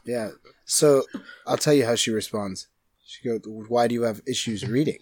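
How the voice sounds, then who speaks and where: A man's voice: mid-range voice, moderate pace, a little mellow, no echo. A man chats loosely and jokes with friends at a game table. His voice sounds dry and close, with no room around it. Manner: joking, loose. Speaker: player. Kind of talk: casual chat.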